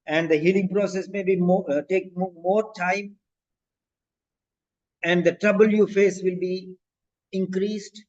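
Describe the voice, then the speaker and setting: A man teaching a live online lecture, speaking slowly and emphatically, often asking rhetorical questions. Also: high-pitched. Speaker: instructor. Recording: dull lo-fi audio.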